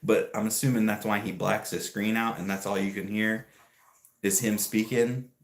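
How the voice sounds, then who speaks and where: A somewhat low-voiced man chats live to his viewers, rambling from one story to the next and laughing often as he reads out and teases their messages. The sound bounces around an echoey room, as if he were streaming from his garage. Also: steady tone, moderate pace, gravelly. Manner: rambling and chatty, laughs often, talks back to chat. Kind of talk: casual livestream chat, reading viewer messages.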